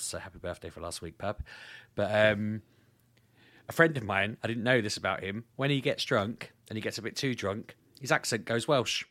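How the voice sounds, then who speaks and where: A man's voice: on the low side, bright, forceful tone, no room sound. A man co-hosting a podcast, chatting casually and telling rambling stories with restarts and laughs. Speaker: podcast co-host. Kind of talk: casual chat.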